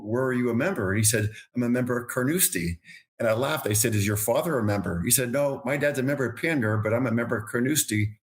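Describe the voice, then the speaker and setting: Podcast guest, male, lowish voice, rambling storyteller who restarts his sentences a lot. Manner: rambling anecdotes with frequent restarts. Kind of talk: casual storytelling.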